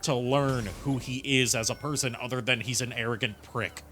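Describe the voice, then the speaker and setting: A man's voice: medium pitch, steady tone, moderate pace, background noise. Rambling opinionated male streamer. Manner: rambling, opinionated, many fillers. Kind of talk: casual gameplay commentary. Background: game music.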